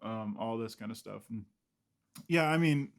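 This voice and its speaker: A man's voice: lowish voice, a little slow, vocal fry. Rambling, laughing male illustrator. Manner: rambling, self-deprecating, laughs often. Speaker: illustrator guest. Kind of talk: casual interview talk.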